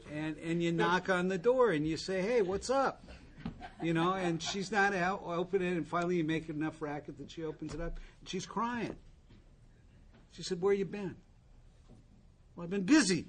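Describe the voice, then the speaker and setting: A man's voice: on the high side, a little hiss or hum. A man telling his own recovery story to a group, candid and wry, with asides to the listeners. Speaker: recovery speaker.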